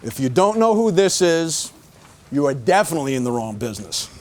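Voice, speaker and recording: A man's voice: fairly high pitch, big pitch swings, fairly quick, darkish tone. A middle-aged man giving a motivational talk to staff, emphatic and punching his points with repeated "okay?". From United States. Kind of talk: motivational speech. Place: room with a staff audience.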